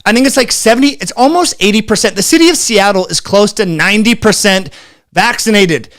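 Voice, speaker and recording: A man hosting a health channel, giving an exasperated, halting rant that trails off. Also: sits high, a bit bright, dry recording. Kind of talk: frustrated video rant.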